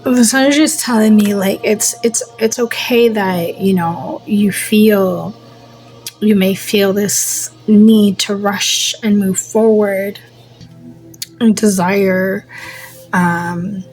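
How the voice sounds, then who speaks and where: A woman giving a casual tarot reading, musing slowly, trailing off with fillers and slipping into soft near-whispers. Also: medium pitch, fairly even intonation, soft background music, low-quality recording. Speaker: tarot reader.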